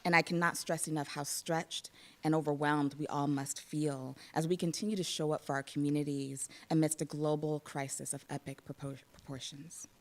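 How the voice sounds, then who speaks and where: A woman executive director giving an earnest, deliberate prepared speech. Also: low-pitched.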